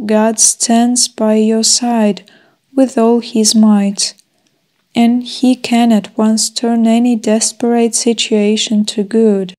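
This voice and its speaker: Slow, flat-voiced woman reading a sermon. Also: a little high. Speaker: voice-over translator of a sermon. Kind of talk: slow read translation of a sermon.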